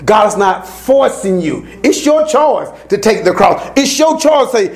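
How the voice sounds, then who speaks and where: High-voiced man preaching with rising shouts. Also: sing-song, unhurried. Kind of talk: sermon.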